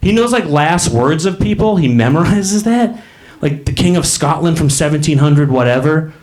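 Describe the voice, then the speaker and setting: A man's voice: on the high side, lively intonation, moderate pace, a little mellow. A man in his late thirties doing a stand-up comedy set in a club, rambling and self-mocking, bursting into acted voices. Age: late 30s.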